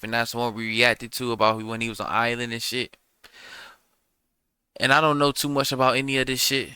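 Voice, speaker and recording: Male reaction host, blunt and profane, bright forceful voice, dry close mic. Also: medium pitch, clean tone, no echo. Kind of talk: reaction commentary.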